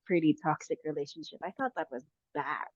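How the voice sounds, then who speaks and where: Low-voiced woman telling a story. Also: a little fast, no echo. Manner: rambling, many fillers and restarts. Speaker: podcast guest. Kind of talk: casual conversational storytelling. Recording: dull lo-fi audio.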